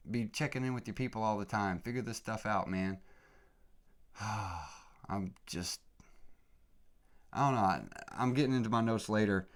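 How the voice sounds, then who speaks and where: A young man hosting a solo podcast, talking casually with lots of "dude" and "man", dropping to low mutters and then climbing to excited shouts. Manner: casual, swears lightly, says "dude" and "man". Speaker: podcast host.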